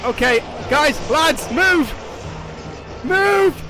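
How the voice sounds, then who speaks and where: A high-pitched young man commenting on his game as he plays, excitable and foul-mouthed, joking and shouting at his teammates. Clear game music plays loudly behind him. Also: drawn-out words. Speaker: gaming channel host. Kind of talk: live gameplay commentary.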